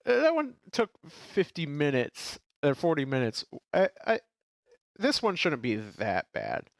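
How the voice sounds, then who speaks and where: A man's voice: fairly high pitch, wildly swooping pitch, a little slow, gravelly, no echo. A congested man co-hosting a podcast, chatting casually and reading documents aloud with some stumbles and restarts. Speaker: podcast co-host. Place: his apartment.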